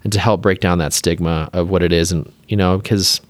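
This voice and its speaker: A man's voice: low-pitched, fairly even intonation, brisk, no echo. A man who is a plastic surgeon, chatting casually as a podcast guest, talking in loose rambling sentences full of fillers and openly emotional. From Utah, US.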